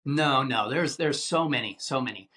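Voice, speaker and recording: A man telling a tense story as an interview guest, animated and given to repeating words as he talks. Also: mid-range voice, moderate pace. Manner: animated, acts out quoted voices, repeats words.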